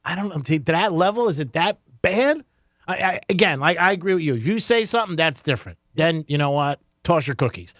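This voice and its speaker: Radio cohost guy, talks fast, emphatic, acts out quotes. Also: fairly high pitch, expressive, a bit bright, no echo, studio quality. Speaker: radio show co-host. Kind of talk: casual radio chat.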